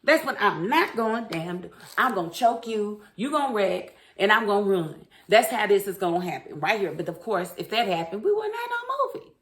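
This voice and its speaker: A woman's voice: medium pitch, moderate pace, few pauses. A woman recapping a series in a casual, opinionated way, acting out the characters' lines as she tells it. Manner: animated, opinionated storytelling with acted-out quotes. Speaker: show recap reviewer.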